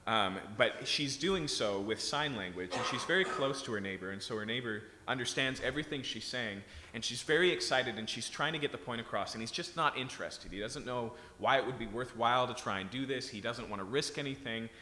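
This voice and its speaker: A man's voice: medium pitch, animated, brisk, hardly any pauses, background noise. A man preaching a sermon in a conversational way, often checking in with his listeners. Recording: echoey hall.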